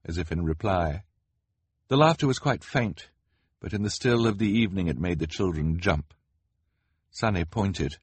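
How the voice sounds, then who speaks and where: A man reads a story aloud with a low, somewhat husky voice and a lively, swinging pitch. His delivery is measured and expressive. The recording is dry, close studio sound. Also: dry recording. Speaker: narrator. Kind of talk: scripted audiobook narration.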